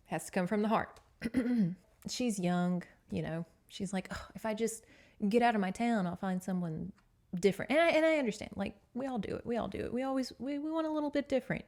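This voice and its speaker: A chatty woman hosts a podcast and recaps a novel in a loose, casual way. She goes off on tangents and laughs as she talks, with a mid-range pitch. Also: darkish tone. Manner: chatty, digressive, laughs often. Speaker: podcast host.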